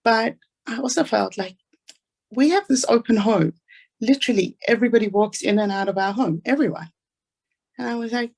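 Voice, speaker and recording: A woman's voice: fairly high pitch, gravelly, darkish tone. A woman with a South African accent giving an earnest, inspirational talk about her own life. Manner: earnest storytelling, fast asides. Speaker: speaker.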